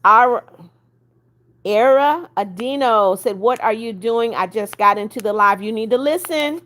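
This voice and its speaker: A woman's voice: a little high, measured pace, fairly bright tone. A woman in her seventies hosting a casual livestream, greeting viewers by name and reading their comments aloud, blunt when she scolds. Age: 70s. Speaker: livestream host.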